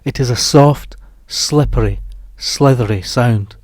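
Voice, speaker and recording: A man narrating a horror story as an audiobook, reading in a dramatic, expressive way that slows down and rises for the tense moments. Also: mid-range voice, no room sound.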